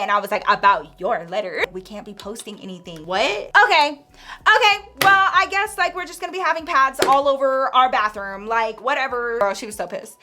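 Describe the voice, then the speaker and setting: A woman telling a workplace story in a casual vlog, chatty and animated, acting out the people she quotes and saying "girl" and "like" a lot. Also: mid-range voice. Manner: says "girl" and "like" often.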